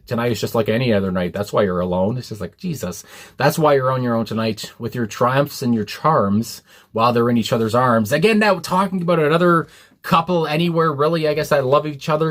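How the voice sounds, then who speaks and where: A man's voice: medium pitch, a little fast. Rambling, earnest young man reviewing a song. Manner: rambling, earnest, fillers, quotes lyrics. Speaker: music reaction YouTuber. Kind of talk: casual reaction commentary. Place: small hot room indoors.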